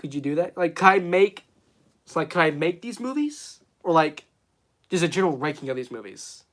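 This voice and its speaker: A man's voice: a little high, big pitch swings, fairly quick, fairly bright tone. A man hosting a casual live stream about movies, rambling with many fillers and reading chat questions aloud. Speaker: streamer host.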